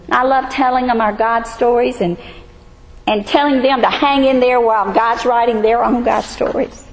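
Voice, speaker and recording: A woman in her sixties teaching a Bible study in a high, earnest voice. She talks emphatically to a room of women. A long hall reverb trails her words over a faint background hum. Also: moderate pace. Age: 60s. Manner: earnest, emphatic, emotional at times.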